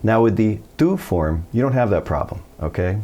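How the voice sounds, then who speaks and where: A middle-aged man with a very low, deep voice gives a Spanish lesson to camera. He explains grammar casually and tells anecdotes, jumping his voice up to act out the people he quotes. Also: moderate pace, dull audio. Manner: animated storytelling, acts out quoted voices. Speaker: Spanish teacher. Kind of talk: video lesson.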